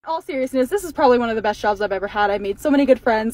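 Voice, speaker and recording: A young woman, a social media creator, chatting excitedly to her followers in a casual vlog. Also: a little high, rapid-fire, few pauses. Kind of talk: casual vlog talk to camera.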